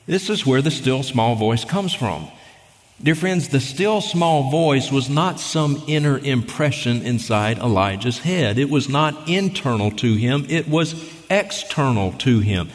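A man's voice: mid-range voice, lively intonation, unhurried. A man preaching a sermon in an emphatic, argumentative way, reading scripture aloud and pressing his points. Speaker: guest preacher. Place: church sanctuary. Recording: long reverb of a large hall.

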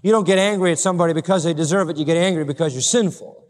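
High-voiced preacher in an echoing hall. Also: male voice, very fast, hardly any pauses. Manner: emphatic, swings between loud high bursts and low quiet asides. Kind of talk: expository sermon.

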